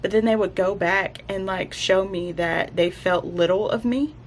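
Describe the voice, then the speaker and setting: A woman's voice: medium pitch, moderate pace, a little hiss or hum. A young adult woman in casual, reflective talk, hesitant and full of fillers and restarts.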